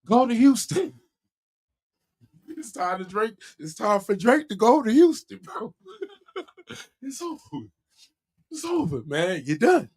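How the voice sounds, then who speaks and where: A man hosts a casual livestream, talking in loose slang, swearing freely, and laughing often. His voice is high-pitched and sing-song, a little mellow, unhurried, with frequent pauses.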